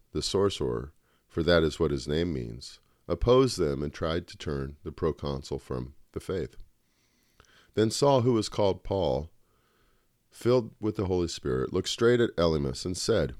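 A man with a cold and a nasal voice, hosting a devotional podcast where he prays earnestly and reads scripture aloud, pausing and restarting now and then. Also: sits low, darkish tone, no room sound, clean studio sound. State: has a cold. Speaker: podcast host reading scripture. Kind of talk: prayer and Bible reading.

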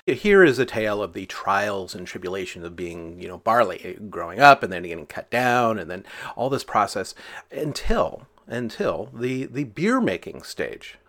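A man's voice: mid-range voice, sing-song, moderate pace, a bit bright. A man casually telling folk tales, chatty and full of fillers, acting out sound effects as he goes. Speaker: storyteller.

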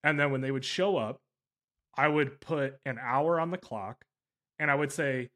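A male podcast host talking in a loose, conversational way. He rambles and stresses his points, often stopping to rephrase mid-sentence. His voice sits in an ordinary middle pitch. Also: normal speed, fairly bright tone. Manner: rambling and emphatic, with frequent self-corrections. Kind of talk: casual interview chat.

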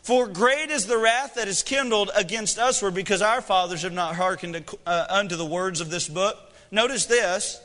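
Man, 30s, preacher, high voice, conversational sermon with jokes, long reverb of a church hall. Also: moderate pace, hardly any pauses, sharp tone. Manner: conversational preaching with humor and rhetorical questions. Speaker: pastor.

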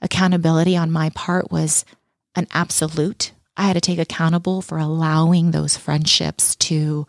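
A middle-aged woman talks in an earnest, heartfelt way and leans on repeated words to drive a point home. Her voice sits on the lower side for a woman and has a gravelly fry. It is close and dry, with no room sound. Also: flat delivery, moderate pace, dry recording. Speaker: guest. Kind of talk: reflective personal interview talk.

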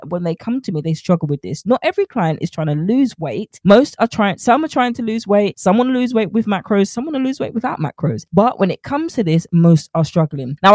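A woman's voice: medium pitch, darkish tone, dry recording. A woman with an English accent hosting her own podcast as a fat-loss coach, chatty and direct, talking to listeners as friends. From England. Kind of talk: casual podcast monologue.

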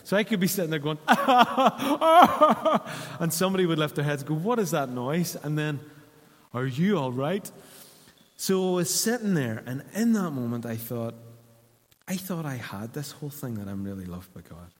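A man preaching a sermon in a church hall, conversational and earnest, dropping to hushed asides. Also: a little high, expressive, fast. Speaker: pastor.

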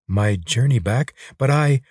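A man's voice: medium pitch, animated, unhurried, a little mellow, husky, no room sound, clean studio sound, voice pushed up. A man doing a wary, anxious young girl.

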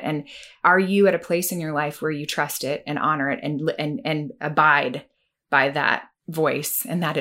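A woman's voice: low-pitched, fairly bright tone. A woman hosting a podcast, asking curious, conversational follow-up questions. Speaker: podcast host. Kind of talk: conversational interviewing.

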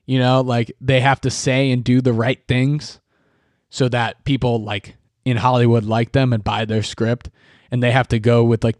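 A man's voice: medium pitch, no echo. Young man, solo podcast rant, profane and rambling, dry close mic. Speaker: podcast host. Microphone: podcast microphone.

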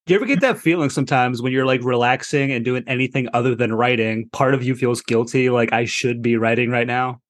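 A man's voice: mid-range voice, brisk, hardly any pauses. Chatty easygoing man podcast host. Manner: chatty, easygoing, laughs along often. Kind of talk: casual podcast interview.

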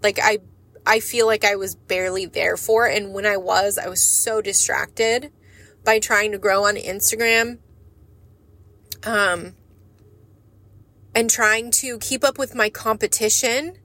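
A woman's voice: mid-range voice, steady tone, unhurried, pauses often, pushed and bright. A woman hosting her own podcast and working as a coach, talking candidly in a rambling way and swearing freely. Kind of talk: casual podcast monologue.

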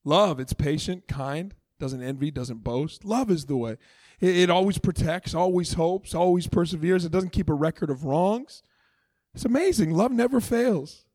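A middle-aged man preaching a sermon as pastor, animated and conversational with playful asides. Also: high-pitched, moderate pace, no echo.

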